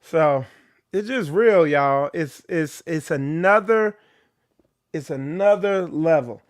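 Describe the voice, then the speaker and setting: A man's voice: a little high, expressive, slow pace, no echo, clean studio sound. A man leading an informal ministry talk, preaching bluntly and with animation. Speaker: ministry leader. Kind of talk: informal sermon.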